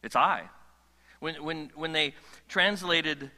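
Bright, forceful man preaching in a hall. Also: fairly high pitch, slow. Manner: animated, joking asides, restarts mid-phrase. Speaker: pastor. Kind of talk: sermon. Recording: long hall reverb.

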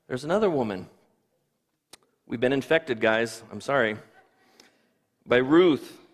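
Pastor preaching in a reverberant hall. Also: male voice, mid-range voice, a bit bright. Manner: playful asides while reading names aloud. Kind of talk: sermon. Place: church sanctuary.

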